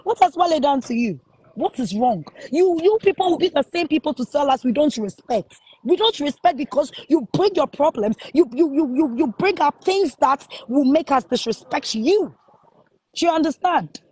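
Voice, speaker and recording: A woman's voice: sits high, animated, moderate pace, darkish tone. A Ghanaian woman, a music promoter, angrily scolding a journalist in a heated live rant and repeating her questions.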